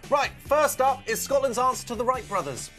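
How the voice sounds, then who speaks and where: A man's voice: very high voice, a little fast, a bit bright, soft background music. A young man presenting children's TV, joking playfully with his co-host. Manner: playful, mock phone calls in silly voices. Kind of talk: comic presenting banter.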